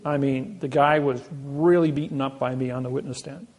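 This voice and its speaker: A man's voice: medium pitch, fairly even intonation, a little fast, a little mellow. A man telling stories to an audience in a boastful, emphatic way, often repeating and restarting his words. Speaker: speaker answering an audience. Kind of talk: boastful storytelling talk.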